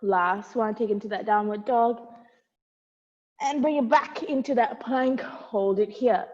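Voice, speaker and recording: A young woman barre instructor with a higher, darkish voice counts reps at a measured pace while moving through an at-home workout. She cues encouragingly with light laughs and is breathless at times, recorded on wireless earbuds with dull sound and long reverb.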